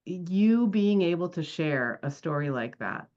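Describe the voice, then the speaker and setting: A woman hosts a conversational interview, affirming and effusive as she responds to her guest. Her voice sits a little low for a woman, and the recording sounds muffled and lo-fi. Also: expressive, measured pace. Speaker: podcast host. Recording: dull lo-fi audio.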